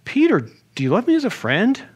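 A preacher voicing Jesus, earnest and pleading. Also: male voice, very high-pitched, wildly swooping pitch, a little fast, slightly rough, pitched above the performer's own voice, heavily acted. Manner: pleading, searching questions. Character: Jesus, gentle and earnest grown man.

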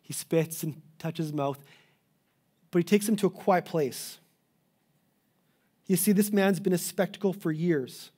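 Earnest male pastor, mellow voice. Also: sits high, unhurried, pauses often, husky. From Canada. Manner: earnest, restarts mid-phrase, pleading emphasis. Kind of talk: sermon.

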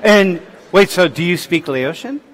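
A man's voice: high-pitched, animated, unhurried, a little hiss or hum. Playful man lecturing in a big hall. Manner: playful, loud, laughing and prodding students. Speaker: professor lecturing a class. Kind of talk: casual lecture hall banter.

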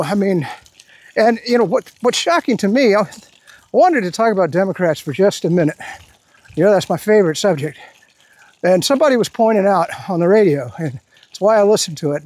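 A man's voice: sits high, a little mellow, slightly rough, no echo. A man giving a rambling, indignant political rant while out walking his dog, restarting his sentences often. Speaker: political commentary vlogger. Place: outdoors.

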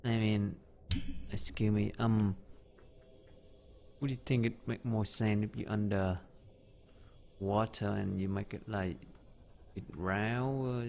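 A man's voice: fairly low pitch, fairly even intonation, slow pace, vocal fry, long pauses, darkish tone, slight background noise. A man giving live game commentary, talking to himself, exclaiming and joking in broken English. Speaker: gameplay streamer. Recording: faint keyboard typing in background.

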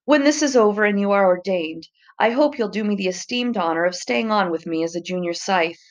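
A woman's voice: mid-range voice, fairly quick, close to an everyday voice. A woman voicing an older woman mentor scythe in an audiobook, earnest and anxious.

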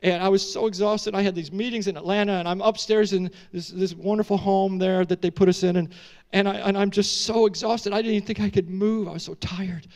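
A high-pitched middle-aged man gives a storytelling sermon in a church. He talks in an animated, dramatic way, stumbling and restarting often and turning to the audience with questions. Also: fairly quick. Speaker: guest preacher. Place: church sanctuary.

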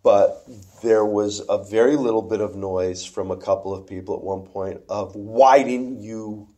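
Mellow-voiced man musing on acting. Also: low voice, normal speed. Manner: musing, trails off and restarts, animated when making a point. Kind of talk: casual conversation.

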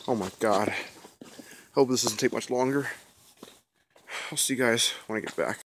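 A young man rambles to a handheld camera outdoors. His voice sits at an ordinary pitch, and he pours on mock-dramatic self-pity. It is loose, casual vlog talk recorded in the open air. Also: normal speed, long pauses, a little hiss or hum. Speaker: vlogger. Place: outdoors outside a house.

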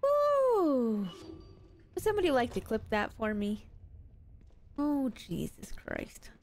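Woman game streamer, lively swooping voice, foul-mouthed running commentary on horror games. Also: on the high side, a little slow, vocal fry. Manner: swears freely, chatty and expressive. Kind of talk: live reactions to horror games.

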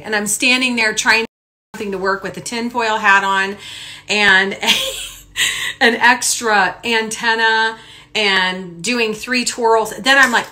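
Speaking slowly in a fairly high-pitched voice, a woman in her forties vlogs casually to her followers as a lifestyle blogger. Her storytelling is rambling, animated, and self-mocking, and she puts on mock voices for her asides.

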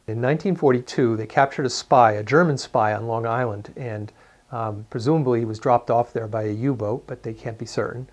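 A man recounting a historical episode in a documentary interview, pausing often with ums and uhs. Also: medium pitch. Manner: hesitant storytelling with frequent ums.

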